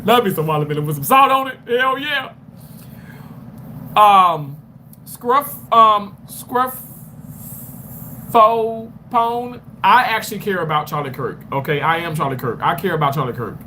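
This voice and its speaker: Walking beside a road with traffic going by, a livestreamer reads and responds to viewer comments in turn, breathless and rambling. His voice is on the high side, pushed and bright, and he talks fast and animatedly with few pauses.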